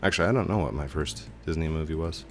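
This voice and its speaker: A man casually commentating a video game he plays, goofing around with silly sound effects and sudden high yelps. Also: quick pace, soft background music. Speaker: gaming YouTuber. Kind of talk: casual let's-play commentary.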